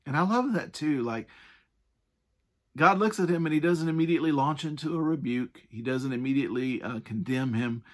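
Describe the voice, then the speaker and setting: A man's voice: a little high, normal speed. A man preaching a sermon in a conversational, earnest way, stressing his points and adding casual asides.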